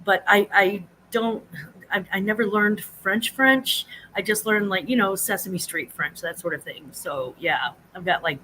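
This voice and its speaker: A chatty woman hosts a casual livestream, her voice bright and forward. She rambles from one thought to the next and greets her viewers by name in a high sing-song. A faint hum of room ambience sits under her voice. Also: measured pace, low-quality recording. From United States. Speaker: livestream host. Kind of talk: casual live chat with viewers.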